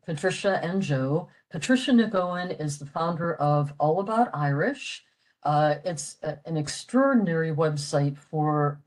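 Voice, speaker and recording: Older woman presenting a library lecture; slow, deep, halting delivery full of "uh"s. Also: rough recording. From western Pennsylvania, USA. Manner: halting, with frequent "uh" fillers. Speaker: presenter of a library language talk. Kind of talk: explaining a lecture.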